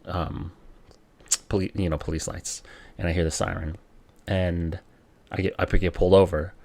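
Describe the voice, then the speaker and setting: Low-voiced man telling a personal story. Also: normal speed, vocal fry, no room sound. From Philippines. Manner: casual, animated retelling with quoted dialogue.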